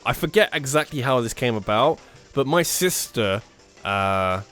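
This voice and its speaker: A young gaming YouTuber plays through a game with jokey, self-mocking commentary, swearing casually and reading the dialogue in put-on voices. His mid-range voice is animated and fairly bright, at a measured pace. Faint game music plays behind him.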